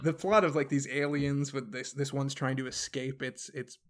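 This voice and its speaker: A man of middle pitch co-hosting a casual podcast, asking curious questions. He stumbles and restarts often as he thinks aloud. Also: fairly even intonation, normal speed. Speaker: podcast co-host. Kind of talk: casual chat.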